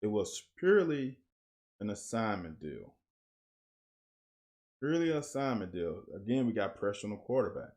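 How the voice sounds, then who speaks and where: A man's voice: lowish voice, sing-song, normal speed, pauses often, darkish tone. A man breaking down football game film in blunt, coach-like casual commentary, picking up energy on big plays.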